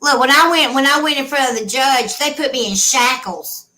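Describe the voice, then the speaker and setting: A woman's voice: sits high, normal speed, pushed and bright, rough recording. A woman telling a personal story in casual chat, blunt, swearing freely and emotional.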